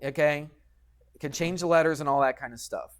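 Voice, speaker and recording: A man's voice: on the high side, fairly quick. A man teaching a geometry lesson in a classroom, patient and chatty, often checking in with the students. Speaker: high school math teacher.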